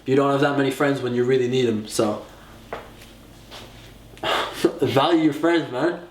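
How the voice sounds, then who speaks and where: A man's voice: medium pitch, a little slow, a little hiss or hum. Young man, loose rambling chat. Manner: casual, rambling, frequent fillers. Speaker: freestyle footballer. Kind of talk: documentary interview. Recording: roomy echo.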